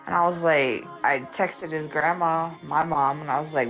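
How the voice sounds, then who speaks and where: A woman hosting a live stream in casual chat, animated and emphatic, saying "dude" and "like" a lot. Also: low voice, normal speed, faint music behind, poor audio.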